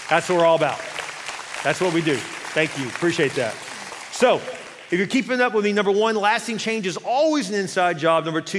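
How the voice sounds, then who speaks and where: A middle-aged man preaching a sermon as pastor, animated, full of rhetorical questions and acted-out quotes, in a church sanctuary. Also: sits high. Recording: long reverb of a large church hall.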